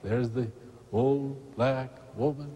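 Husky preacher in a cathedral hall. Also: male voice, medium pitch, fairly even intonation, dark tone. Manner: storytelling, dramatic pauses. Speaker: pastor. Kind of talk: sermon. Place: large cathedral. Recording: long hall reverb from a cathedral.

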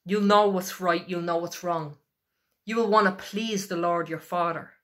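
A woman preaching a sermon, fervent and emphatic, with a repetitive cadence and slow, stressed scripture reading. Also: on the low side, fairly even intonation, fairly bright tone. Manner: fervent, emphatic, declaring with rising intensity.

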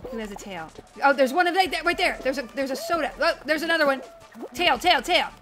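A woman's voice: sits high, fast, faint music behind. A woman live-streaming a video game, chatting casually and yelping and swearing at what happens on screen. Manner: excitable, yelps and swears at the game.

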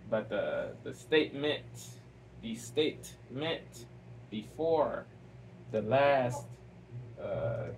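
Very slow-talking man reacting. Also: medium pitch, big pitch swings, slight background noise, poor audio. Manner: slow, repetitive, keeps asking why, drops fancy words. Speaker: reaction video host. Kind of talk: casual reaction commentary.

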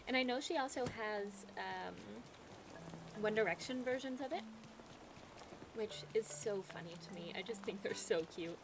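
A woman's voice: a little high, noisy background. A young woman streaming a game, chatting casually and giggling often as she reads chat aloud. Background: game music.

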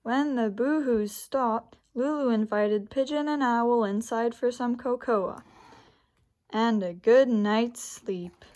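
A woman librarian with a voice on the high side reads a picture book aloud to children. She then walks through a simple craft, keeping a gentle, unhurried story-time delivery.

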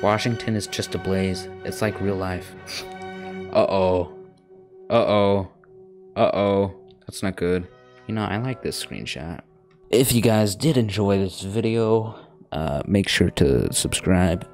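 Deep gravelly young man, crude game commentary. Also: lively intonation, a little slow, darkish tone, soft background music. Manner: swearing, blunt, jokey running commentary. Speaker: gaming YouTuber. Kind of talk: casual gameplay commentary.

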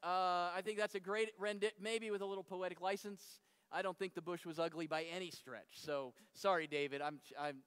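A man's voice: high voice, fairly even intonation, brisk, hardly any pauses, fairly bright tone, clear, resonant tone. A man, a pastor, narrating a story during a sermon in a playful, self-interrupting way. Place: church sanctuary. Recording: reverberant church hall.

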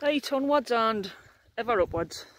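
A woman, talking to camera in a chatty, jokey and excitable way while out on open hills. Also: fairly high pitch, a little slow, rough recording. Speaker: vlogger, wild camper. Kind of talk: casual outdoor vlog narration.

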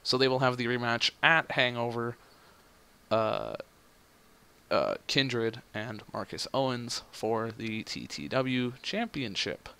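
A man's voice: medium pitch, bright, forceful tone, smooth. A man hosting a let's play, rambling and thinking aloud in casual, profane gaming commentary.

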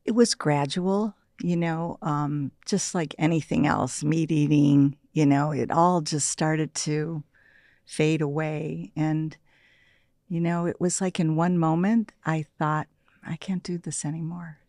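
A woman in her sixties, a meditation practitioner being interviewed, tells personal stories softly and reflectively in a deep, gravelly voice. She speaks slowly with fairly even intonation, often sinking nearly to a whisper and laughing lightly. The recording is dry and close.

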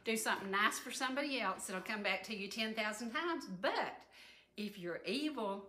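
A woman's voice: on the high side, expressive, normal speed, pushed and bright, roomy sound. A woman in her sixties with a Southern US accent, hosting a cooking segment in a homey, folksy way. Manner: folksy, homey, says y'all. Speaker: talk show host. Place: indoor kitchen.

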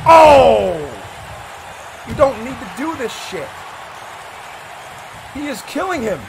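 A man commentating a wrestling video game with a friend, often shouting and swearing. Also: very high-pitched, lively intonation, unhurried. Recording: noisy stream audio.

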